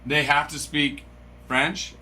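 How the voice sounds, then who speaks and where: Bright-voiced chatty man streaming. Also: a little high, level tone, slow pace, slight background noise. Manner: chatty, musing aloud, reads from a screen, stumbles over French names. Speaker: card break streamer. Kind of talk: casual live-stream chat.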